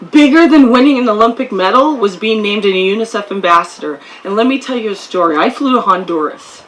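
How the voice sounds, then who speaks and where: A woman's voice: medium pitch, slight background noise, poor audio. Heartfelt woman speaking at an outdoor ceremony. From Canada. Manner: heartfelt, storytelling, animated. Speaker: guest speaker. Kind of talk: public speech at a ceremony. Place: outdoor sports field.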